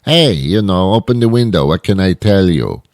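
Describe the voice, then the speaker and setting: A man's voice: expressive, normal speed, no room sound, studio quality. A man voicing a crude, shady ride-share driver, his voice raised above his own. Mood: sleazy casual. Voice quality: put-on foreign accent, higher voice.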